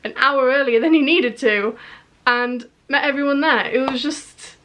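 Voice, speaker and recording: A woman's voice: sits high, a little slow, a bit bright. A woman in her twenties with a Yorkshire accent, telling a chatty, rambling storytime vlog with lots of fillers. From northern England. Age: 20s. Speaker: vlogger.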